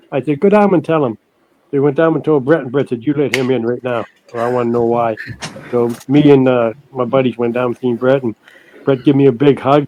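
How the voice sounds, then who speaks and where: An older man, a guest on an interview podcast, telling stories in a halting way that repeats words, and he puts on higher voices for the people he quotes. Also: a little mellow, rough recording. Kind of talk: casual storytelling interview.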